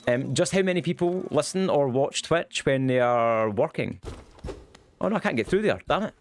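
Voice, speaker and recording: A young man chatting casually while streaming a game, goofy and quick, with lots of ums. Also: medium pitch, lively intonation, slight background noise. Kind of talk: casual livestream chat while gaming.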